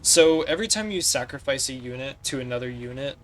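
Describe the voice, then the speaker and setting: A man's voice: mid-range voice, animated, a little fast, slight background noise. A man streaming a strategy game, talking through his tactics and chatting with viewers as he plays. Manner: analytical, talks through tactics while playing; chats with viewers between moves. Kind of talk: casual gameplay commentary.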